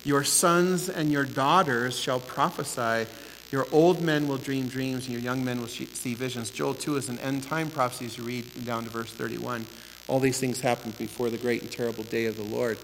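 A man preaching a sermon as pastor, building from steady teaching to impassioned, near-shouted pleading. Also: mid-range voice, normal speed. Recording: echoey hall with faint hiss and hum.

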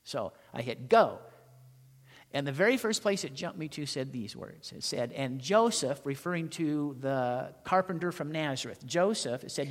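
A man's voice: medium pitch, expressive. A man preaching a sermon as pastor, telling stories and asking the congregation rhetorical questions. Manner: storytelling preacher, rhetorical questions, dramatic pauses. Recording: long hall reverb.

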